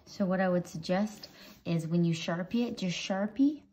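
A woman's voice: fairly low pitch, normal speed, darkish tone. A woman leading a casual drawing tutorial, chatting playfully with children as she draws. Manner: chatty, playful, talks to kids while drawing. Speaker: drawing teacher. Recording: dull lo-fi audio with faint music.

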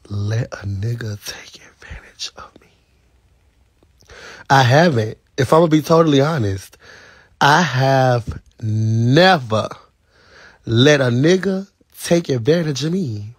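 A young man telling a gossipy story on a livestream, dramatic, with sudden high shrieks and whispers. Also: husky, dry recording. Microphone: phone.

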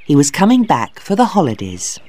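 A narrator reading a graded storybook for English learners in a clear, deliberate, expressive way. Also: medium pitch.

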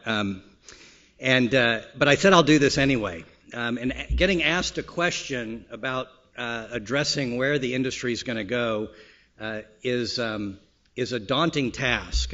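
A man giving a relaxed conference keynote, joking and using frequent fillers. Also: mid-range voice. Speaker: keynote speaker. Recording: slightly dull, lo-fi sound.

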